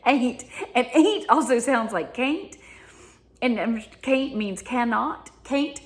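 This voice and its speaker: Giggly Southern woman with lively pitch. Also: slow pace. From Southern United States. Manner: giggly, laughs often while talking. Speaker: vlogger. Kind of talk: casual storytelling monologue.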